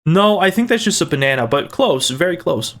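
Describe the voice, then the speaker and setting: Guy reading his viewers' comments, kinda high voice, rambly and jokey. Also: lively intonation, fairly quick, fairly bright tone. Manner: rambling and playful, with restarts and side jokes. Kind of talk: casual chat.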